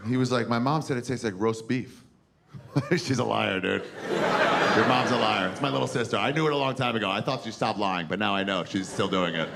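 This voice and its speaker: A male stand-up comedian in his forties works a theater crowd with crude, animated stories and quick character bits. His voice has a gravelly edge. The live room is noisy, and audience laughter carries through it. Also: fairly low pitch.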